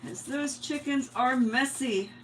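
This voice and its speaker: Woman w/ a mixed jersey-long island-indiana accent, chatty craft livestream, laughs a lot, loud sanding noise behind her. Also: high voice, slow, rough recording. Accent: mixed New Jersey, Long Island and Indiana. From New Jersey. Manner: chatty, laughs often, thinks aloud while working. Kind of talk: casual craft-along chat.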